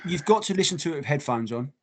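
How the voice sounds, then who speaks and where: A man's voice: a little high, expressive, quick pace. A man co-hosting a podcast in casual chat, blunt and swearing freely. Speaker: podcast co-host.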